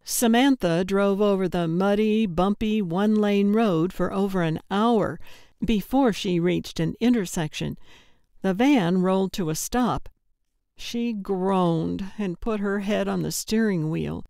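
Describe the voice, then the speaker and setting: A woman narrating an audiobook in a calm, measured delivery. Her voice is smooth and clear, and she speaks slowly. The recording is dry and close. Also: mid-range voice, dry recording. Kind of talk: scripted narration.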